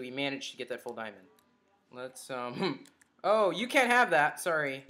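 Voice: medium pitch, sharp tone. A gaming commentator talking through live gameplay, chatty and muttering reactions to the game. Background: keyboard and mouse clicks.

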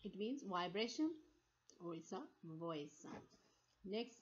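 A woman's voice: lowish voice, expressive. Woman lecturer demonstrating speech sounds. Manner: demonstrates sounds by repeating them slowly, with frequent restarts. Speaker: university phonetics lecturer. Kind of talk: recorded online lecture. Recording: slightly dull lo-fi recording.

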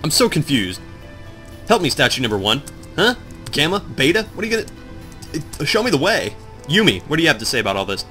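A man chats over a game he is playing, rambling and swearing at his own confusion, his pitch leaping around in lively swings. His voice is bright and forward, and faint game music plays underneath. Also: fairly quick, pauses often. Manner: rambling, excitable, swears a lot, talks to the viewers. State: groggy, just woke up. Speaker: let's play commentator. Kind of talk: casual gameplay commentary.

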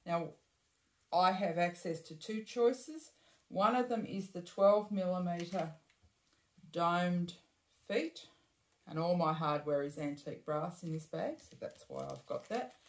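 A woman with a slightly low voice walks through a bag-sewing step in a casual, chatty way, often breaking off to correct herself or add an aside. Her voice carries an echo from the room she is in. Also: measured pace. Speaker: bag-making tutor. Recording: echoey room.

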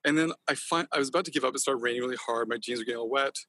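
A man's voice: mid-range voice, very fast, sharp tone, no echo. A man talking passionately in a casual podcast interview, rambling and swearing freely. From Northern California. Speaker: podcast guest, company founder.

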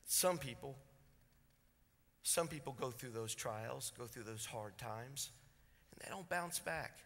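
A man's voice: medium pitch, animated, a little slow, breathy edge. Male preacher in a reverberant church. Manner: swings from loud passionate preaching to hushed intensity. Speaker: pastor. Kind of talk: sermon. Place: church sanctuary.

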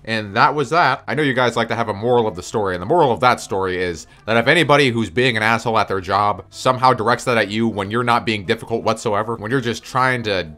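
A man's voice: on the low side, fast, few pauses, pushed and bright, soft background music. A man telling a story on his video channel, ranting and swearing as he goes. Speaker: video creator. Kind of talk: story-time vlog.

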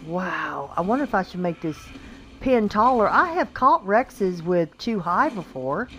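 Woman, gameplay commentary, unhurried delivery, easily startled, faint hiss under the voice. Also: medium pitch. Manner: excitable, exclaims a lot, talks to her pets in the game. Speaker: gameplay video creator. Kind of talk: casual let's-play commentary. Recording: faint background noise.

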